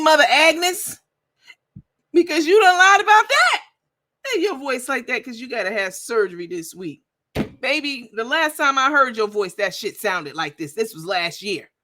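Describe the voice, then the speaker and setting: A woman's voice: fairly low pitch, bright, forceful tone. A woman hosting a commentary stream in a blunt, profane, sassy manner. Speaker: host. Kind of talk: commentary vlog.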